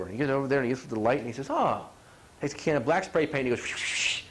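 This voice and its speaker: A man's voice: medium pitch, brisk. A middle-aged man, a chiropractor, giving a folksy health talk and acting out quotes as he goes. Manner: animated, acts out quotes, asks "you follow?".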